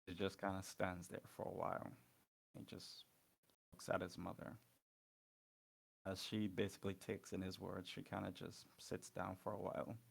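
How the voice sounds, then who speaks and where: A man's voice: low-pitched, little pitch movement, normal speed, creaky, long pauses, breathy edge. A man playing a tabletop game, narrating his character in a loose, hesitant way with many fillers. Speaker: player.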